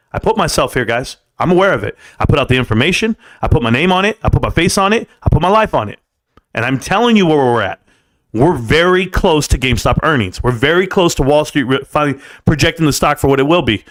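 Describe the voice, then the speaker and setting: A man's voice: medium pitch, fairly bright tone. A man hosting his own live stream, giving an emphatic motivational monologue in which he talks straight to his viewers and repeats his points.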